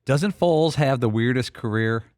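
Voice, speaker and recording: A male sports radio co-host speaks quickly in a tone of disbelief. His voice sits at a middle pitch and sounds dry and close on the mic. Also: darkish tone, no room sound. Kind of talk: casual sports talk.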